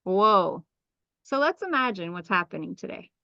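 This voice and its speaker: An enthusiastic woman leads a live group call, teaching with a lively, questioning manner. Her voice comes through a computer mic, a little dull and lo-fi, with a dry, close sound. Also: medium pitch, moderate pace, gravelly, no room sound. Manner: enthusiastic, animated, asks many questions. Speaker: astrology teacher.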